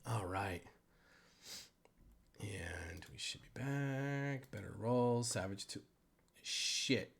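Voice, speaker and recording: A man running a tabletop game as game master, narrating the scene and chatting at an unhurried pace. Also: on the low side, expressive. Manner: unhurried, mutters while fixing software.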